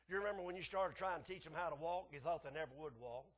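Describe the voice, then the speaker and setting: High-voiced preacher. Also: male voice, fast talker. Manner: folksy, chuckling, swings from soft asides to hollering. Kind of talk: sermon.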